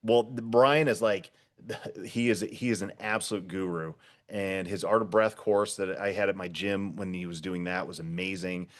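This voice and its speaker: A man's voice: deep voice, steady tone, normal speed. A man in casual podcast conversation, rambling with fillers and restarts, blunt and casual in his swearing. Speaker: podcast guest, former first responder.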